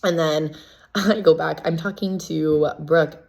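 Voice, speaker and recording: Woman, low-pitched, reality contestant spilling gossip in a casual recap, filler-heavy and animated. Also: slow, creaky. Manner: chatty, filler-heavy with constant "like"; gossipy and animated when quoting others.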